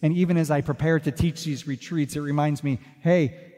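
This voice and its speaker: A man preaching a sermon as pastor. He talks earnestly, drops to hushed, quiet phrases and then builds to emphatic declarations. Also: on the high side, steady tone, normal speed. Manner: earnest, shifts from soft hushed asides to rising emphatic declarations. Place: church sanctuary. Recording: long hall reverb.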